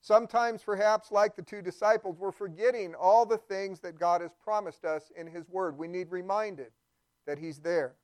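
A man's voice: high-pitched, normal speed, clean tone, no room sound. A man preaching a sermon as a pastor, talking through a Bible story in a conversational way and often repeating words as he thinks aloud.

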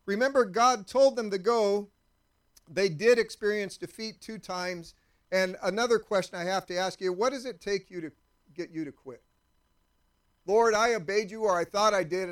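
High-voiced male pastor preaching. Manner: conversational, questions the congregation. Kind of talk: sermon.

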